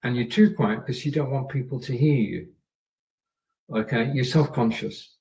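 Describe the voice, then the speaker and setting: A man's voice: mid-range voice, moderate pace, gravelly, darkish tone, distant mic, low-quality recording. A man hosting a live show and giving coaching tips in a chatty way. He often repeats his points and checks in with his viewers. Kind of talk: coaching talk on a live stream. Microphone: camera and microphone.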